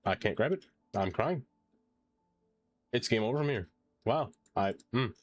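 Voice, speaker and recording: A man's voice: mid-range voice, animated, fairly quick, dry recording, clean studio sound, faint music behind. Playful man streaming a game. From not American. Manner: playful, theatrical groans, reads chat aloud. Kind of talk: casual live-stream chat while playing.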